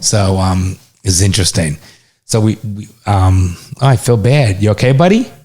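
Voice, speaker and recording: A middle-aged man co-hosting a podcast in casual, relaxed chat, swearing freely. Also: lowish voice, normal speed, slightly rough. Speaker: podcast co-host, father.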